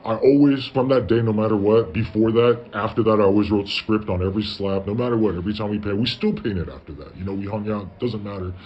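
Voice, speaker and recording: Male storyteller, casual and profane, keeps quoting himself; slightly low voice, muffled lo-fi recording with light hiss. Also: fast, few pauses. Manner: profane, tells stories with lots of "I was like" quoting. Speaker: guest telling his story. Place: parents' garage. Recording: dull lo-fi audio with faint background noise.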